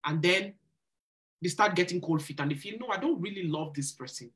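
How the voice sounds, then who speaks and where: A woman's voice: fairly low pitch, expressive, brisk, fairly bright tone. Earnest woman giving live relationship advice. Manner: earnest, preacherly, repeats phrases for emphasis. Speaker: church singles ministry host. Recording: live stream.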